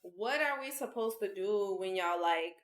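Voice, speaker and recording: A woman's voice: mid-range voice, expressive, unhurried. A woman co-hosting a podcast, speaking bluntly and emphatically in casual, profane chat. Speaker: podcast co-host. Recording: echoey room.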